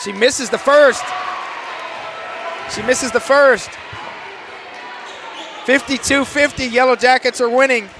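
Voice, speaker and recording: A hoarse man with a very high voice gives excited play-by-play of a basketball game, shouting the big plays. A crowd and steady noise sit behind him. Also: slow, pauses often. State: voice worn out. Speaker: play-by-play announcer.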